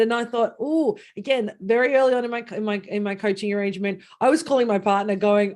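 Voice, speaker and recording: An animated woman co-hosting a casual chat on a video call, acting out quoted voices and laughing. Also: medium pitch, fast, hardly any pauses. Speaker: co-host.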